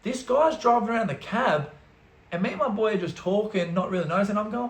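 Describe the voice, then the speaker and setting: A young man telling an animated, slangy story full of swearing, as a vlogger. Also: high voice, fairly quick, reverberant. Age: young adult. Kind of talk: storytelling vlog.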